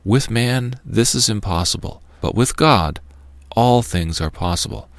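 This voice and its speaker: A man reading the lines of Jesus as a calm, authoritative teacher, in a measured, steady delivery with a low, gravelly voice. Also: no echo. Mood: solemn teaching.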